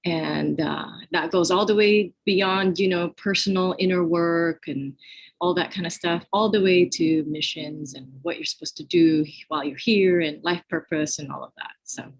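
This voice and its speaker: Low-voiced Filipina guest speaking earnestly. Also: female voice, fairly even intonation, moderate pace, breathy edge, rough recording. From Philippines. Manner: earnest, spiritual talk with fillers. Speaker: podcast guest. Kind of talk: casual interview answers.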